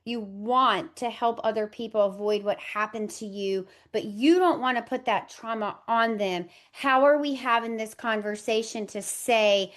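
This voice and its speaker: A woman hosting a casual podcast interview. She is blunt and outspoken, and she is quick to crack a joke or laugh along. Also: medium pitch. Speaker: podcast host.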